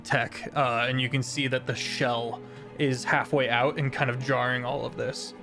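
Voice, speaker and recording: A man's voice: mid-range voice, flat delivery, moderate pace, bright, forceful tone, faint music behind. A man running a tabletop game as game master, narrating with many fillers, restarts and laughs.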